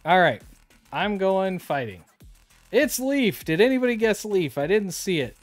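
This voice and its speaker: A man's voice: sits high, animated, normal speed, faint music behind. A man streaming live, opening card packs and chatting casually with his viewers. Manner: chatty, reads card names aloud, talks to chat.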